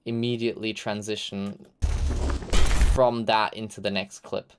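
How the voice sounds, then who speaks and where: Man, casual live-stream host, lowish voice, loose chatty delivery with a faint hiss behind him. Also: level tone, measured pace. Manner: loose and chatty, heavy "like" fillers, occasional swearing. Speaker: host reviewing game audio reels.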